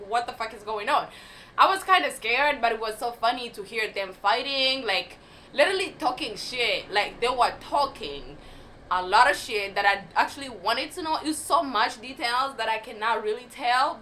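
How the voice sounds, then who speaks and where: Animated young woman telling a story. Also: on the high side, slight background noise, low-quality recording. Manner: animated, swearing, laughs often. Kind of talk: casual storytime.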